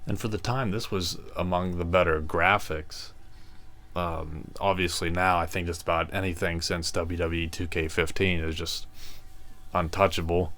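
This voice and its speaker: A man hosting a gaming video, chatting casually over gameplay with a relaxed, rambling manner and frequent fillers. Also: low-pitched, normal speed.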